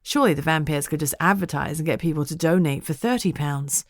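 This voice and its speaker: A woman with a fairly low voice reads a first-person audiobook. Her delivery is steady and measured, with a dry wit. The recording is close and dry, with no room sound. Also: no echo. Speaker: audiobook narrator.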